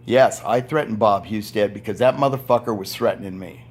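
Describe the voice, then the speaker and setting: A man's voice: fairly low pitch, moderate pace, few pauses, slightly rough. A man in his seventies, a retired power plant worker, delivering an angry, blunt, profane monologue indoors at home. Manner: blunt, profane, ranting, with heavy swearing. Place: indoor room at home with TV and fan.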